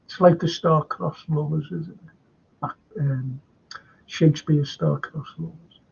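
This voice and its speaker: A man's voice: on the high side, fairly even intonation, slow, gravelly, breathy edge, highs cut off. A man with a Scouse accent hosting a live stream, chatting in a meandering way and reading out viewer comments. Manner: meandering, chatty, self-interrupting.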